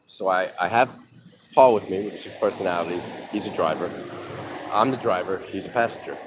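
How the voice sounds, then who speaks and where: A middle-aged man with a deep, low voice talks fairly quickly into a phone outside by a street, with passing traffic rumbling clearly. Live, he shares a candid, rambling personal story and swears freely.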